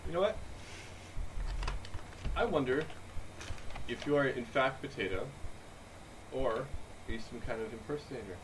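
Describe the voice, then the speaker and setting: A man's voice: medium pitch, animated, moderate pace, long pauses, background noise. A man co-hosting a podcast, bantering casually and laughing often. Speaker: podcast co-host.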